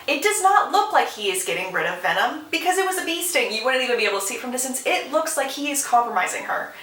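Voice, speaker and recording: Chatty, opinionated woman doing a book recap; high, bright voice; echoey room, set back from the mic. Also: sing-song, fast talker, distant mic. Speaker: book vlogger. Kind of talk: casual plot recap.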